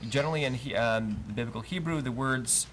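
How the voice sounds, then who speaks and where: A man's voice: medium pitch, fast, fairly bright tone, slight background noise. A man teaching a live class, patient and explaining step by step with many fillers. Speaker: Hebrew teacher. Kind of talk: live Bible language class. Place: congregation classroom.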